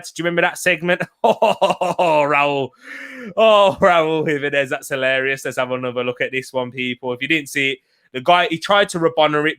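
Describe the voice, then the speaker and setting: A man's voice: fairly high pitch, a bit bright, clear, resonant tone. A young man hosting a live football watch-along, chatting casually, laughing often and reading out viewer comments.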